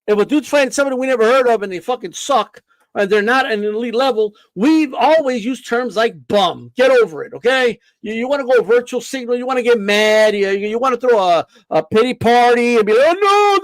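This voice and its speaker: A man's voice: very high voice, dry recording. A man hosting a boxing live stream, ranting defiantly and profanely, often stammering and repeating himself. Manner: stammers and restarts.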